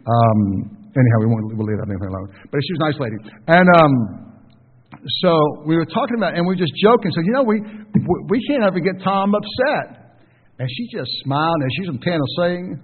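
A man's voice: a little high, lively intonation, brisk, slightly rough. A man preaching a sermon to his congregation, conversational and full of questions to the listeners. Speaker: pastor. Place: church sanctuary. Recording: tinny distant recording with long hall reverb.

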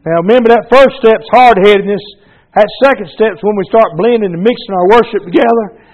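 A man's voice: high-pitched, fairly quick. A man preaching a sermon to his congregation in a folksy, fervent way, full of colloquial grammar and calls of "Amen". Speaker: pastor. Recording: dull lo-fi recording.

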